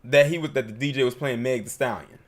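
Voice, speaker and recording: A man's voice: medium pitch, quick pace. A man hosting a livestream, giving emphatic, opinionated commentary and reading super chats.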